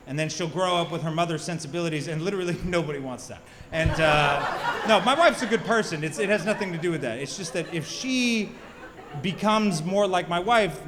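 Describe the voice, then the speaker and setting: A man in his thirties doing a stand-up comedy set, crude and self-mocking, bantering with the audience. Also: sits high. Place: comedy club stage. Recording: live club with reverb and loud crowd. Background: audience laughter.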